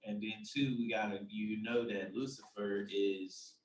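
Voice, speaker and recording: A man in a religious discussion, speaking haltingly as he chimes in to back up a point. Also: on the low side, fairly even intonation, roomy sound, recorded from a distance, poor audio. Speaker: discussion participant.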